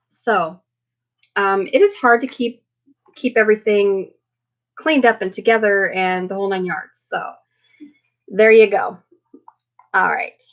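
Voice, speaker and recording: A woman's voice: medium pitch, unhurried, pauses often. A woman hosting a casual live chat with viewers, chatty and rambling, with many fillers, tired and emotional after being sick. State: recovering from illness, emotional. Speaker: livestream host.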